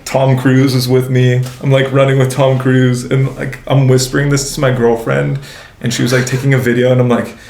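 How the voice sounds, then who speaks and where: A young man talks in a loose, slangy way, cursing freely and packing his sentences with "like". His voice sits in a middle register with a flat melody and a gravelly edge. The room around him has a noticeable echo. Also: mid-range voice. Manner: slangy, swears often, fills speech with "like". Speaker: guest. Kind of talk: casual storytelling. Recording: echoey room.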